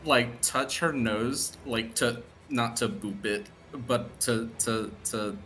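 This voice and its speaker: A man playing a tabletop game, chatting quickly and tumbling over his explanations. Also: medium pitch, fairly bright tone, a little hiss or hum, rough recording. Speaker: player. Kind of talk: casual game table chat.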